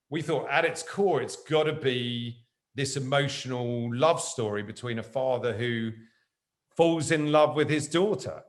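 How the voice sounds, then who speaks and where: A middle-aged man speaking as a guest in a relaxed conversation. His pitch sits mid-range for a man, and he tells stories with lively energy. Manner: lively anecdotal storyteller. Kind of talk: casual conversation.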